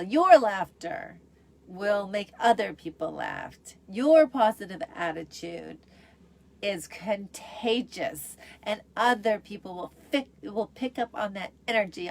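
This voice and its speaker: A middle-aged woman hosting her own show, talking in an upbeat, chatty way with lots of fillers. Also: medium pitch. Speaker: host. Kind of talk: casual solo show.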